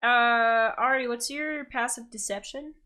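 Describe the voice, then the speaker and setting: Bright-voiced woman game master. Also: a little high, fairly even intonation, measured pace. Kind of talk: narrating a tabletop game.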